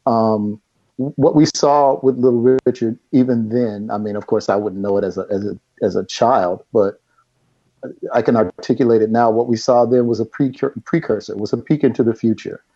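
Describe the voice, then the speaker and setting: A middle-aged man telling a story as a guest, animated and laughing as he goes. His voice is mellow and dark. The audio is dull and lo-fi. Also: mid-range voice, normal speed. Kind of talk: storytelling in casual chat.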